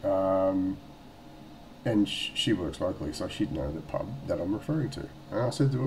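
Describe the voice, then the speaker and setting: A man's voice: lowish voice, expressive, moderate pace, a little mellow, slight background noise, low-quality recording. An Australian man telling a story casually in a vlog at home, rambling and swearing, with lots of fillers and restarts. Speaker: vlogger.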